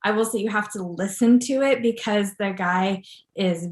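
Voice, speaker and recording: A woman's voice: medium pitch, moderate pace, echoey room. A woman co-hosting a library book podcast, gushing and giggly as she chats. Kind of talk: casual book chat.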